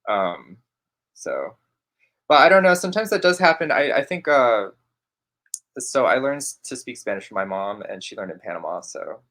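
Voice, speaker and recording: A man's voice: on the low side, big pitch swings, moderate pace, pushed and bright. A man with a Texan accent, a podcast guest talking casually and thoughtfully. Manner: thoughtful, rambling with fillers. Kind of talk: casual chat.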